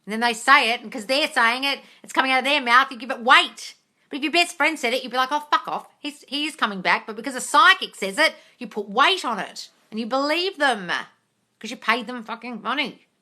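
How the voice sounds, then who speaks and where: A woman's voice: high voice, a little fast, bright, forceful tone. A woman on a casual live stream, reading viewer comments and answering them in a blunt, exasperated manner with a lot of swearing. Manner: reads viewer comments aloud.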